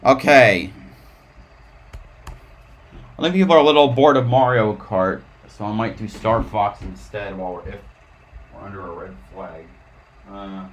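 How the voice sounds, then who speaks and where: A man's voice: lowish voice, normal speed, slight background noise. A man live-streaming casual race commentary in a rambling way, with frequent restarts.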